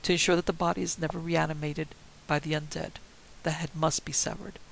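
A man's voice: on the high side, fairly even intonation, fairly quick, creaky, fairly bright tone, low-quality recording. A man voicing a stern, dispassionate older male professor who hunts vampires, in a story reading. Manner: cold, dispassionate. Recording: faint hiss.

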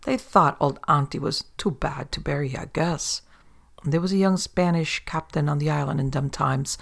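A man narrating an old sailor's yarn aloud in a steady storytelling manner. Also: fairly high pitch, normal speed, gravelly.

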